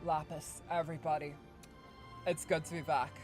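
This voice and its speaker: A woman's voice: deep voice, flat delivery, normal speed, over music. Playful woman streamer. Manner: playful, hyped game-show-host delivery with restarts. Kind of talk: casual livestream chat.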